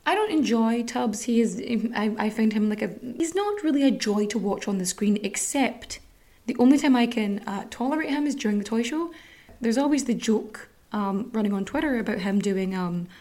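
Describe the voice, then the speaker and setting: A woman's voice: fairly high pitch, animated, normal speed, warm tone. An Irish woman hosting a podcast, chatting candidly and swearing freely. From Ireland. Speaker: podcast host. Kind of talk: casual chat.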